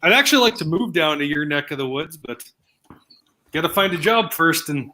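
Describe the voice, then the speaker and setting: Bright-voiced, easygoing Canadian man. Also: on the high side, expressive, moderate pace, rough recording. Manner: easygoing, soft-spoken, laughs often. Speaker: viewer calling in. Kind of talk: casual chat.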